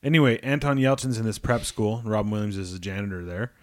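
A man's voice: lowish voice, fast, no echo, studio quality. A man in his thirties co-hosting a podcast, swearing freely and rambling with restarts in crude casual banter. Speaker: podcast co-host.

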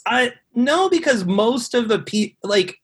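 Husky man telling a rambling story. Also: very high voice, very animated, takes it slowly. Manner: rambling storyteller, profane, many fillers. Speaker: guest telling a tour story. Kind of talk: casual podcast chat.

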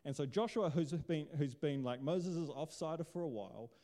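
A man's voice: on the high side, normal speed, dark tone. A man preaching a casual sermon, chatty and joking, firing off rhetorical questions. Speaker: pastor. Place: church hall. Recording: long hall reverb.

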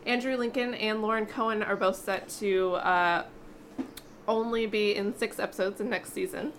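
A woman host in a casual panel chat, at a middle pitch for a woman. She reads news items aloud and drops dry little asides between them. Faint noise sits under her voice. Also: steady tone, normal speed, a bit bright. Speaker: show host presenting entertainment news.

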